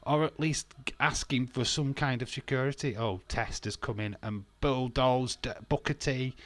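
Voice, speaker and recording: A man's voice: medium pitch, a bit bright, no room sound. A man hosting a wrestling watch-along stream, ranting bluntly in casual talk, swearing freely and laughing often.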